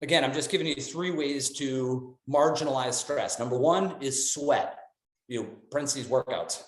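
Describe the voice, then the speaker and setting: A middle-aged man giving an enthusiastic, animated motivational talk on a live call. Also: mid-range voice, moderate pace, roomy sound. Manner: enthusiastic, animated, jumps between voices for quotes. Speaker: motivational speaker.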